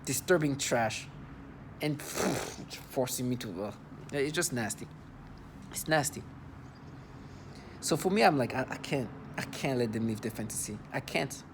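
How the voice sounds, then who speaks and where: A man's voice: mid-range voice, expressive, noisy background. A man talking to camera in an agitated personal monologue, indignant and disgusted, stumbling and repeating words as he goes. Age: adult. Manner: halting, repeats and restarts words. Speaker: vlogger.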